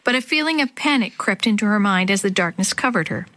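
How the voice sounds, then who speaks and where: A woman narrating a children's book aloud in a clear, even way. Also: medium pitch, fast, no room sound. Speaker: storyteller.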